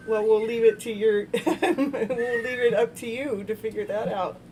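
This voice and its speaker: A woman's voice: fairly high pitch, slight background noise, rough recording. Giggly woman hosting a live stream. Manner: giggly, playful, rambling. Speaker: live tarot reader and show host. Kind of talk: casual live-stream chat.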